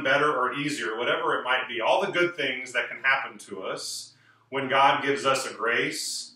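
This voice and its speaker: Slow, emphatic pauses mark the clear liturgical style of a bright-voiced male priest reading scripture and preaching. His medium-pitched voice sounds distant and echoey within a large church.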